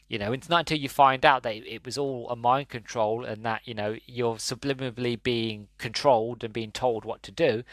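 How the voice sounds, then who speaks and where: A man's voice: medium pitch, a bit bright, no room sound. Rambling man on a dry mic. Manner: rambling, enthusiastic, many restarts. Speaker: podcast host. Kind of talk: casual solo game-review talk.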